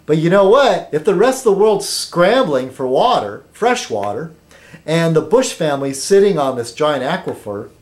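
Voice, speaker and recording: A man vlogging, reading a news item aloud haltingly and then rambling through political commentary, tripping over foreign words. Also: a little high, big pitch swings. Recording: echoey room.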